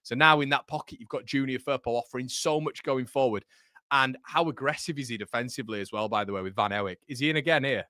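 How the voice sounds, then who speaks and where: A man hosting a live football watchalong, commentating excitably and bantering with his chat. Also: medium pitch, quick pace, dry recording, studio quality.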